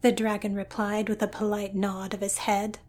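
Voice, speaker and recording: A woman narrating a scripted story in an even, descriptive way. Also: medium pitch, moderate pace.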